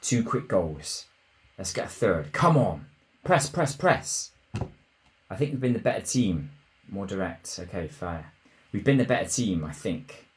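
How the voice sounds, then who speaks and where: Low-pitched male gamer, excitable live play commentary, muttering and shouting by turns. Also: unhurried. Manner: excitable, shouts at goals, mutters when frustrated. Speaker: gaming YouTuber.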